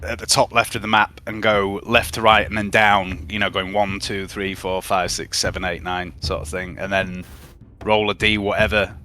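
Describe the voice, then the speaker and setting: A man's voice: lowish voice, level tone, moderate pace, sharp tone. Chatty man playing a tabletop game. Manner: chatty, hesitant. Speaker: player. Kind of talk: casual tabletop game chat.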